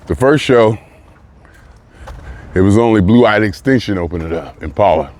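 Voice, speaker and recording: A man's voice: lowish voice, moderate pace, long pauses, darkish tone. A man vlogging while walking outdoors in the sun, slightly out of breath, talking in a rambling, reflective way and often restarting his phrases. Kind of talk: casual spoken monologue while walking.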